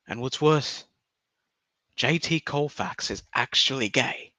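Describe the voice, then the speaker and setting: A man's voice: medium pitch, bright, forceful tone, no room sound. A man putting on a pompous English poet. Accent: put-on English. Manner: grandiose, theatrical recitation. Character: mock-solemn English poet reciting verse, adult man.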